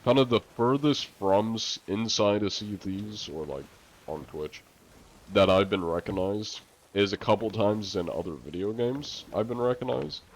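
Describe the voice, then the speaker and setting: A young male streamer with a low, deep voice chats loosely with his viewers. He rambles, fills gaps with "like" and "um," and swears now and then. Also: moderate pace. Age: young adult. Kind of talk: casual stream chat answering viewer questions.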